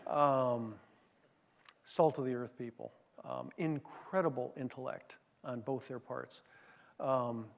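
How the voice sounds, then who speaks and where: A man's voice: mid-range voice, fairly even intonation, slow. A man giving an anecdotal leadership talk, telling stories with many fillers and restarts. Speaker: former managing partner giving a talk. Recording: long hall reverb.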